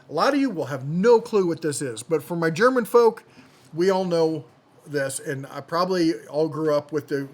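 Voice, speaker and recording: A man hosting a tool deals channel, running through product deals in a chatty, jokey way and often correcting himself mid-sentence. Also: on the high side. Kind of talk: casual product deal rundown.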